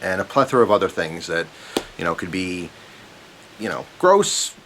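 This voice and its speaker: A young man with a fairly low voice tells a story in a loose, rambling, animated way, often chuckling. A faint hiss sits under the recording. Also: normal speed. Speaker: vlogger. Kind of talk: casual storytelling.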